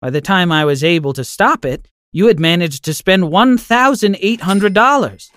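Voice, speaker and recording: A man voicing a kindly old grandmother in a storybook podcast, speaking softly and reassuringly. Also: high-pitched, expressive, moderate pace, dry recording, voice pushed up. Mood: gentle, kindly. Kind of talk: storybook narration.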